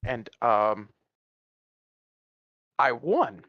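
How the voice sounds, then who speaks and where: A man's voice: mid-range voice, very animated, extremely slow, dry recording, highs cut off. A man chatting casually over a voice-chat mic, laid-back and rambling. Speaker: stream co-host on voice chat.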